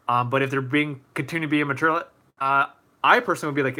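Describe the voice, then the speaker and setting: A man's voice: medium pitch, a little fast, pushed and bright. A man hosting a casual live-stream Q&A, chatty and easygoing, answering viewer comments with many fillers.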